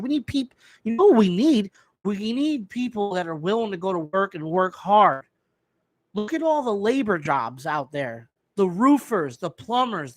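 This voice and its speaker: A man's voice: high voice, no echo. A man hosting a live stream, ranting in a heated way and swearing freely. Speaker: host.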